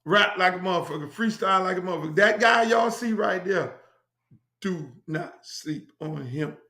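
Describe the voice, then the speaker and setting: Expressive and creaky at a moderate pace, a middle-aged Miami host spins a casual storytelling monologue on his show, brash, profane, and repeating the same phrases over and over. His high voice sounds bright and forceful against an echoey room.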